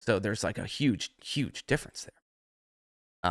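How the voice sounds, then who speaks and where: A trading mentor rants on a livestream, furious and cursing heavily. His voice is on the low side and expressive, and he takes his time, with clean studio sound and no echo.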